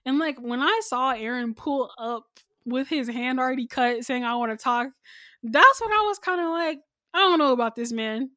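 A woman's voice: high voice, lively intonation, moderate pace, pushed and bright, no room sound. Laid-back woman summarizing anime plot. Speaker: podcast co-host. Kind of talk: casual anime recap chat.

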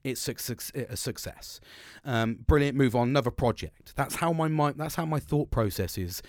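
A man's voice: medium pitch, normal speed, dry recording, studio quality. Sweary man venting. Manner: frank, sweary, rambling with restarts. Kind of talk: casual monologue.

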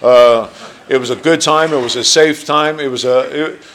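A man in his sixties with a New Jersey accent tells his story to a room of listeners. He rambles earnestly and drops fillers as he goes. His pitch sits in a plain, middle range. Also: moderate pace, fairly bright tone, slight background noise. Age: 60s. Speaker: recovery meeting speaker. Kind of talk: personal testimony talk. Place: meeting room.

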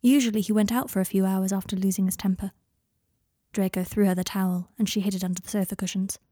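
A woman narrating a fan fiction audiobook in a calm, even reading voice. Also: mid-range voice, fast, no room sound, clean studio sound.

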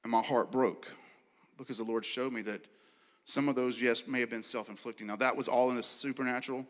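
A man preaches in a large church hall, acting out each line of his story with a bright, forceful voice. His words ring out with a long reverb trailing behind them. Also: mid-range voice, fairly quick. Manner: animated, acts out dialogue, laughs and clears throat often. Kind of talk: sermon storytelling.

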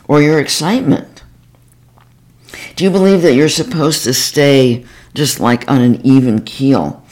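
A woman hosting her own podcast, speaking as a therapist in a calm, reflective monologue. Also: extremely low pitch.

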